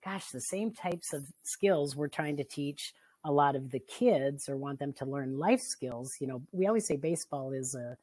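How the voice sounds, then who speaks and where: A woman's voice: rumbling low, normal speed, few pauses, mellow, husky, no room sound. A middle-aged woman, a family therapist, talking in a casual interview, earnest and reflective, laughing easily. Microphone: video call.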